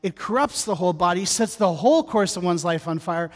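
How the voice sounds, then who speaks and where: In a church sanctuary with long reverb, a middle-aged pastor preaches in a high, lively voice, talking a little fast with few pauses. He blends scripture reading with humorous asides and a personal story, keeping it conversational.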